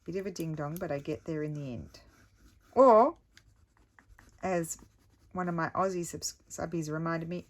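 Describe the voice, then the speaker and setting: A woman's voice: low voice, moderate pace, pauses often. A middle-aged woman chatting casually as she crafts, thinking aloud and poking fun at herself. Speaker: craft vlogger. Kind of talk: casual crafting tutorial chat.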